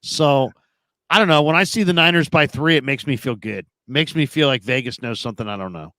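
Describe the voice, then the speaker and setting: A middle-aged man hosting a sports call-in show, telling lively stories with acted-out quotes. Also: medium pitch, brisk, no echo. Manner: animated storyteller, acts out quoted voices. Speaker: sports talk show host.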